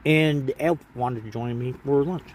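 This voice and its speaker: A tired man rambles casually to a handheld camera while out on a mountain trail. He talks in a chatty, self-interrupting way at an ordinary middle pitch. Faint outdoor noise sits behind his voice. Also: measured pace. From Alaska. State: a little tired. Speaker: hiking vlogger. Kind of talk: casual vlog narration.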